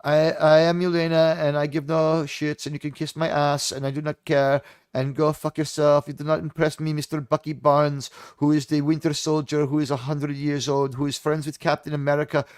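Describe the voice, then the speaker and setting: A man putting on the voice of a smug, dismissive woman team leader who trades in flat, blunt insults. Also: fairly high pitch, clear, resonant tone, dry recording, studio quality, natural voice.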